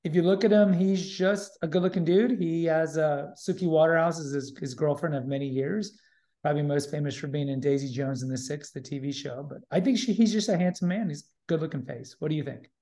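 Podcast guy chatting, warm low-key tone, pushy opinions, says stuff twice. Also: fairly even intonation, brisk. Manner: opinionated, emphatic, repeats himself. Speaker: podcast host. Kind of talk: casual chat.

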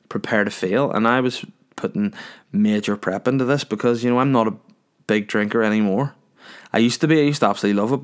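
A young man, telling a crude, rambling comic story in a loose monologue. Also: on the low side.

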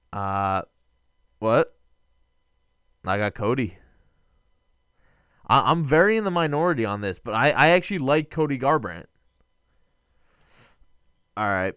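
A man's voice: mid-range voice, a bit bright, clear, resonant tone, no echo, highs cut off. A young man co-hosting a podcast, chatting casually about fights in a rambling, enthusiastic way that keeps correcting itself. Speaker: podcast co-host. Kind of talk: casual sports chat.

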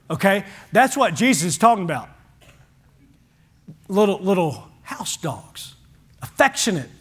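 Pastor, high voice, folksy, animated sermon that drops to a hush. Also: male voice. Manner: animated, folksy, shifts from loud to hushed.

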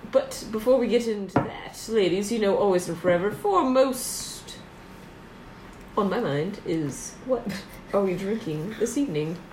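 A woman's voice: medium pitch, lively intonation, moderate pace, noisy background. A woman co-hosting a casual podcast chat, laughing often and swearing offhandedly. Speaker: podcast co-host. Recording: echoey room.

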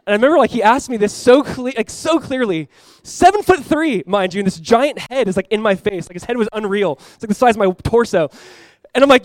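A young man from Southern California preaches, his voice sitting high and his words coming quickly. He tells his story in an animated way and acts out the people he quotes. The sound is dry and close. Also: no room sound. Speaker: pastor. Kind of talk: sermon.

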